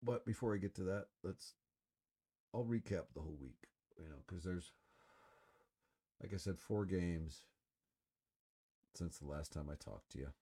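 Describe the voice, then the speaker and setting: A man's voice: deep voice, a little slow, long pauses, slightly rough. A man hosting a solo podcast, talking casually and rambling with many fillers and swearing while he smokes. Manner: relaxed, smoking while talking. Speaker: podcast host. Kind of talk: casual solo sports talk.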